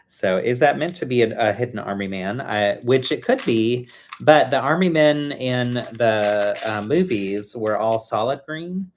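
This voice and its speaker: Man, livestream host, casual chat, thinks out loud, rambling, medium pitch, faint background noise. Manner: chatty and rambling, thinks out loud, answers viewers. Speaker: livestream host building toy sets. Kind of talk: casual live chat while building. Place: home.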